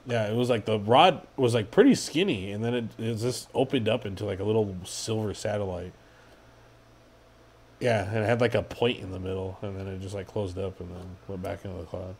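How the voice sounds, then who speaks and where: A man's voice: lowish voice, fairly quick, slight background noise. A man from New Mexico co-hosting a paranormal podcast, chatting casually in a loose, profane way and laughing often. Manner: loose and profane, laughs often, swings into loud mock shouting. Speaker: podcast co-host. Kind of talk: casual chat.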